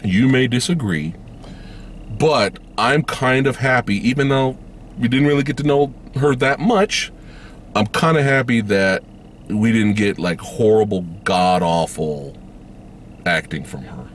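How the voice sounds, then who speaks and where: A man hosting a casual movie review vlog, swearing freely and acting out scenes in high mocking voices. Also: measured pace, a little hiss or hum. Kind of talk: casual spoiler review chat.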